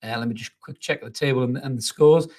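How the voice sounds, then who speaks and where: A man's voice: medium pitch, fast, a little mellow. A man hosting a live football reaction show, talking bluntly and passionately, swearing freely and reading out viewer comments. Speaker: football fan channel host.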